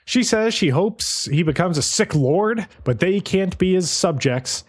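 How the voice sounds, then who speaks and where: Male podcast co-host, lively swooping delivery, casual profane recap. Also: high-pitched, unhurried. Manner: animated, profane storyteller, playfully mimics characters.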